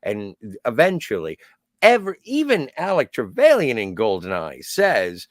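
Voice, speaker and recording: A man co-hosting a podcast, chatting casually and enthusiastically about a film, quick to exclaim praise. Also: mid-range voice, wildly swooping pitch, no room sound, studio quality. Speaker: podcast co-host.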